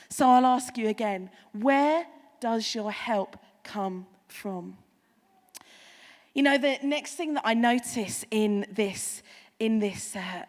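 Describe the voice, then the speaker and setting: A woman pastor giving a sermon, chatty and animated, with playful asides to the congregation. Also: fairly high pitch, long reverb tail.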